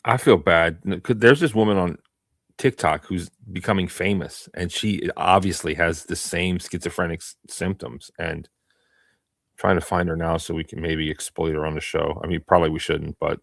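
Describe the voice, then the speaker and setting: A man with a very deep, gravelly voice chats on a casual podcast. He rambles and halts, often breaking off mid-thought. The sound is dry and close. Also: steady tone, no room sound. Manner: rambling, halting, self-interrupting. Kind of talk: casual chat.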